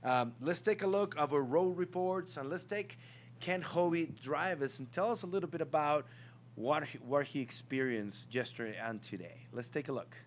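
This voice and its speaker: A middle-aged man with a foreign accent, co-hosting a casual morning show and telling stories with excitement. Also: on the high side, moderate pace, a little hiss or hum. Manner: excitable, laughs often, lively storytelling. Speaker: co-host.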